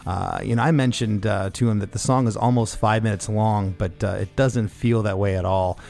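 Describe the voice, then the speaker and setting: Low-voiced male podcast host, loose and rambling. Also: steady tone, normal speed, vocal fry. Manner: loose, many "uh" fillers, warm praise. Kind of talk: casual spoken intro.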